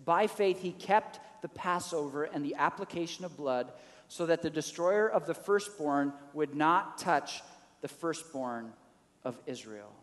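Male pastor, higher register, animated sermon delivery in a reverberant hall. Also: unhurried. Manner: animated preaching, acts out quoted lines with rising pitch.

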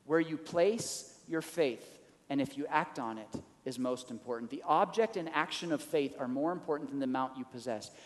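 A man preaching a sermon in an animated way, acting out the quoted lines with a rising voice. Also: medium pitch, normal speed, in a large hall. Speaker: pastor.

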